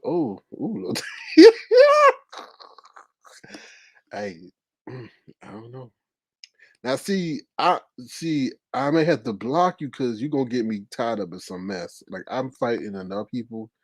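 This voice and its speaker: A man hosting a live stream in casual chat, animated, often laughing and exclaiming. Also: medium pitch, normal speed, slightly rough, no room sound.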